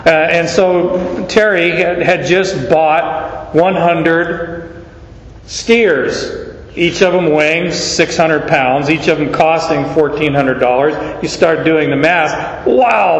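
A man preaching a sermon as pastor, in a folksy, anecdotal and animated way, in a church sanctuary. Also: on the high side, slow. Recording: echoey hall, dull sound.

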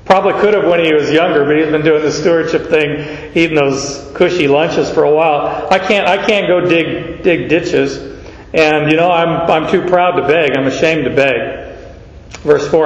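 Male pastor, folksy sermon with stories, slightly high voice, echoey hall. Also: normal speed. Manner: folksy, anecdotal, animated. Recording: echoey hall, dull sound.

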